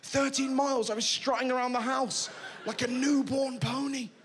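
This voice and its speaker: At a comedy club, a man with a very high voice does stand-up at moderate speed, telling stories and imitating other people's voices with lots of energy. The live recording is noisy, with loud laughter from the crowd.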